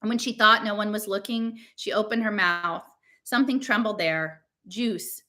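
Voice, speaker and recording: A woman's voice: medium pitch, fairly even intonation, moderate pace, bright, forceful tone. A woman reading a novel aloud, narrating casually in teen slang. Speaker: reader.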